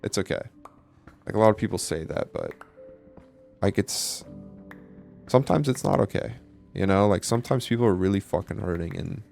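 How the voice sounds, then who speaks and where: Young male vlogger, deep and creaky, candid casual monologue, faint music bed. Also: normal speed, long pauses, a little mellow. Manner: candid, casual, swears often, many fillers. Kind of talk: personal reflective monologue.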